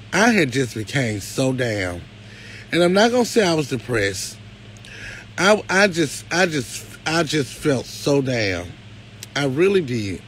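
A man's voice: medium pitch, poor audio. A man talking to his viewers on a livestream, emotional and close to tears, with a preacherly lift. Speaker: live-stream host.

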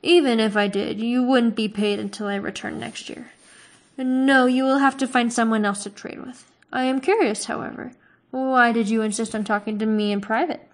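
A cautious traveling trader, voiced by a woman reading aloud, lays things out in a grave, measured way. This is storybook narration with plain dialogue and no heavy character voice. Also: a little high, fairly even intonation, lightly acted.

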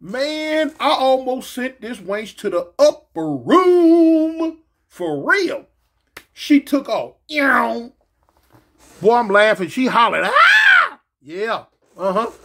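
Man, casual storyteller, slangy, animated, sound effects, big pitch jumps. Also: slow. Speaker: storyteller recounting his prison days.

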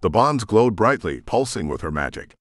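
A man's voice: on the low side, big pitch swings, normal speed, no room sound, studio quality. A man narrating a first-person audiobook with tense, emotional storytelling.

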